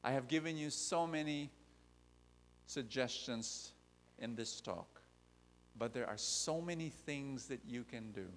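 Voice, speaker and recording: A man preaching a sermon, animated and repetitive, putting direct questions to the audience. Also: medium pitch, measured pace, slight background noise. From Philippines. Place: large convention hall. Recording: long reverb of a large hall.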